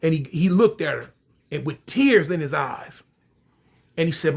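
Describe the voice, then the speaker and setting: A man's voice: fairly high pitch, a little fast, slightly rough. A man telling a story in a casual, conversational way, speaking directly to his listeners.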